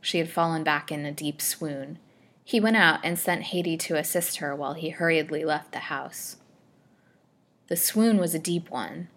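A woman storyteller narrating an old serial novel chapter in a steady, measured reading. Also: sits low.

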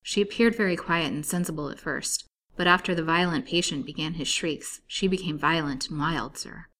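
A woman's voice: deep voice, moderate pace, a bit bright. A woman voicing a kindly female asylum nurse who talks in a placid, soothing way.

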